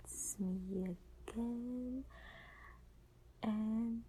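A woman's voice: a little high, fairly even intonation, drawn-out words, warm tone, a little hiss or hum, low-quality recording. A tired young woman whispering late at night as she answers viewer questions, rambling with lots of fillers and restarts. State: sleepy, tired voice.

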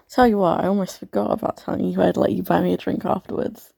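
A woman playing a gravelly, flirty barmaid. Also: medium pitch, little pitch movement, brisk, warm tone, dry recording, studio quality. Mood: weary, flirty. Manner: teasing, flirtatious. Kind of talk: audio role-play addressing the listener.

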